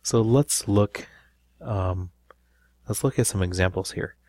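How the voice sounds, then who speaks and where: A man with a low voice explains grammar in a recorded lesson. He walks through each point patiently, often pausing to ask "right?". The sound is close and dry. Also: darkish tone, dry recording. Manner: explanatory, repeats with frequent "right?". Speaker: Spanish teacher.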